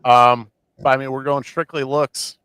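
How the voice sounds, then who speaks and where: A man's voice: mid-range voice, level tone, normal speed, fairly bright tone, smooth, no room sound, poor audio. A man hosting a casual podcast chat, rambling with many fillers and restarts. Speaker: podcast host.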